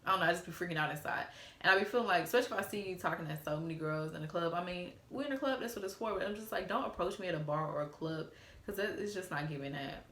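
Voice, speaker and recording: A young woman from Atlanta, telling a story casually and reading out text messages in an animated way. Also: fairly low pitch, rapid-fire, reverberant. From Atlanta, USA. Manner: animated, reads out texts in a playful drawl. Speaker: storytime vlogger.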